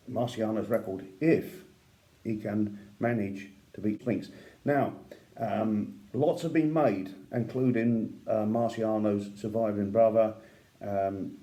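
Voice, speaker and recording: Low mellow-voiced man telling boxing stories. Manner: conversational, with fillers and asides like "yeah" and "right?"; admiring, opinionated. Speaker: boxing commentator. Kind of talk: casual storytelling.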